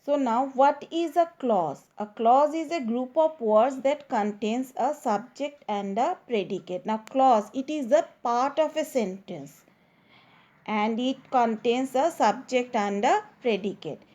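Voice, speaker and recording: Woman teacher, slow and deliberate, dictating grammar points to students and leaning on key words; mellow, slightly high voice. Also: expressive, dull audio.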